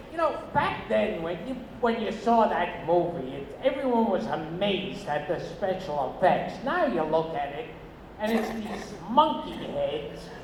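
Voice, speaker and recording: A man performing a stand-up comedy set on a casino stage, with shrill, abrupt outbursts and deadpan asides. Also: creaky. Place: casino stage, live audience. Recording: echoey, noisy audience bootleg.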